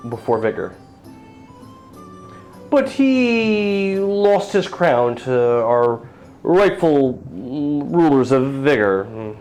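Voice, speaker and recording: A proud human knight full of himself, as a man puts him on, with a high voice that leaps all over. Faint music plays behind him. He speaks grandly, as if addressing a court. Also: very animated, very slow, a little mellow, heavily acted, rough recording. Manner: grand, showy and self-important. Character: proud male human knight, pompous and boastful. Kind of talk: tabletop role-play.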